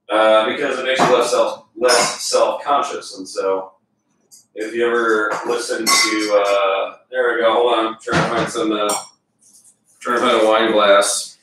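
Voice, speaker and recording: This is a man with a very low voice rambling casually, stopping and restarting his thoughts and chatting between reading bits. He sounds like he's at home, and the room comes through noticeably echoey. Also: fairly even intonation, unhurried, noisy background. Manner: rambling, many restarts and fillers, self-deprecating. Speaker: reader giving commentary.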